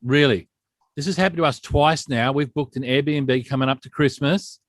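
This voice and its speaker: A man's voice: mid-range voice, normal speed, no echo. Blunt man, dry sound. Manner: blunt, animated storyteller. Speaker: podcast co-host. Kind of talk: casual chat.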